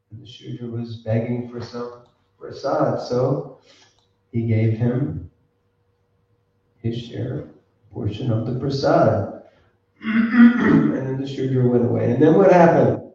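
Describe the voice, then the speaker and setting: A man's voice: medium pitch, lively intonation, takes it slowly, creaky, pauses often, warm tone, muffled recording. A man telling a spiritual story to a gathering, playful, laughing often and quizzing the listeners, recorded from a distant mic in an echoey room. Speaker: spiritual teacher.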